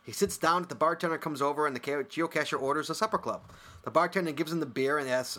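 A man's voice: a little high, fast, bright, forceful tone. A man co-hosting a casual podcast, reading listener emails aloud, joking, laughing often and swearing casually. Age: adult with a son. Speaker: podcast co-host.

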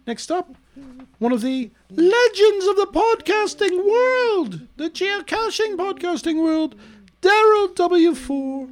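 A woman hosting a podcast, reading listener milestones in a chatty, easily amused way. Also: extremely high pitch. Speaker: podcast host. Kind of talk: casual podcast announcements.

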